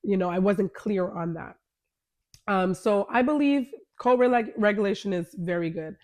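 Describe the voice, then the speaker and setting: A woman's voice: medium pitch, normal speed, a little mellow. A woman hosting her podcast, candidly telling a personal story in a conversational way and retelling the dialogue. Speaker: podcast host.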